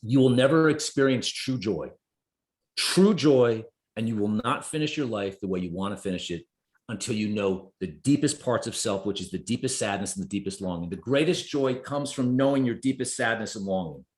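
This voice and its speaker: A man in his fifties, a guest on a talk show, telling stories and acting out the people in them with sudden high leaps in pitch. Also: normal speed. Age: 50s. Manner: storytelling, acts out quoted dialogue with big pitch jumps. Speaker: guest, therapist and executive. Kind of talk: casual conversation. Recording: roomy echo.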